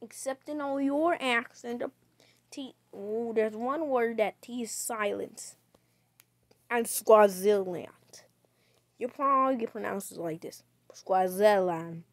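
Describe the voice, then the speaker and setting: A woman streamer giving chatty commentary on a game as she plays, breaking into sudden loud, excited outbursts. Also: a little high, unhurried, dry recording. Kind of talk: gaming livestream commentary.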